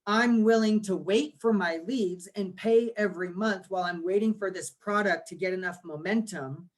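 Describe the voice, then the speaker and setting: Animated man in his forties explaining. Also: high voice. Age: 40s. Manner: animated explaining with rhetorical questions. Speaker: guest, marketing agency owner. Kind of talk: podcast interview.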